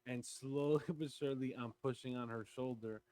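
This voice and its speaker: A man's voice: mid-range voice, normal speed. A young man co-hosting a podcast in casual chat, telling stories and acting out the quotes. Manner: animated storyteller, acts out quotes. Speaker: podcast co-host.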